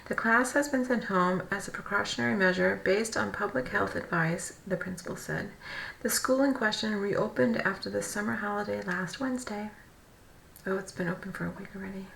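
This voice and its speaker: Woman reading news on stream, gravelly fry in her voice, trips over words and fixes them, echoey room with faint noise. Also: mid-range voice, fairly bright tone. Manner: reads haltingly, stumbling and correcting herself. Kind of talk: casual live-stream chat and reading aloud. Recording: roomy echo, faint background noise.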